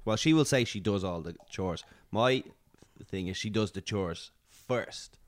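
A man's voice: lowish voice, unhurried. A man, a guest on a podcast, telling a story in casual chat, hesitant and wry, often repeating words.

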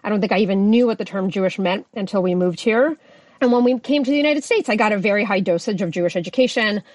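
Raised in Russia, this woman appears as a guest on a conversational podcast interview, speaking quickly in a mid-range, somewhat dark voice. Her manner is reflective and easygoing, often breaking into laughter, and there is no room sound.

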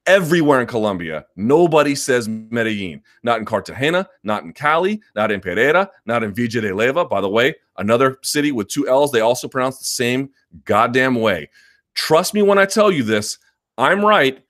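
A man's voice: medium pitch, fairly bright tone. A man hosting a live podcast chat, arguing his points emphatically and then talking casually with many fillers. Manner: emphatic and combative, repeats points. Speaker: MMA podcast host. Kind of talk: live-stream commentary.

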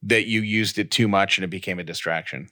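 Man co-host, lowish but bright tone, dry teasing delivery. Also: steady tone, a little fast. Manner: teasing, matter-of-fact. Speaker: podcast co-host. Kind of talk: casual chat.

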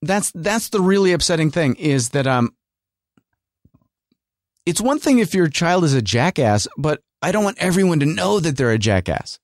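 A man's voice: a little high, big pitch swings, normal speed, dry recording, clean studio sound. A man hosting a casual solo rant, rambling and sarcastic, full of fillers and restarts. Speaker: podcast host and working actor.

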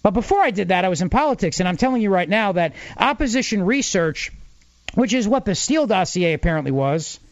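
Fill-in radio host: a New man with a high voice, punchy and mocking on a dry, lo-fi feed. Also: big pitch swings, fairly quick, dry recording. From New Jersey. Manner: argumentative, emphatic, mocks opponents. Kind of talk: talk radio political monologue.

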